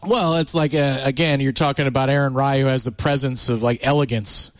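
A man's voice: mid-range voice, brisk, no room sound. A man co-hosting a casual sports podcast, laughing often and telling stories with energy. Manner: laughing often, lively storyteller. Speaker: podcast co-host.

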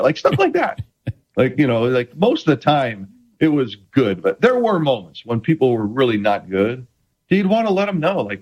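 A man's voice: mid-range voice, wildly swooping pitch, moderate pace, darkish tone, dull audio. A middle-aged man, a former quarterback, talking as a guest in an interview with many restarts and a playful manner. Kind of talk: casual interview chat.

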